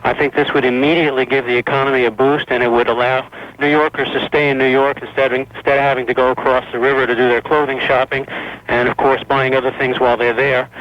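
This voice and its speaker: A man calling in to a talk radio show from Manhattan, earnestly laying out suggestions. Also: medium pitch. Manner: earnest, steady, makes suggestions. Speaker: caller. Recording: muffled lo-fi radio phone call.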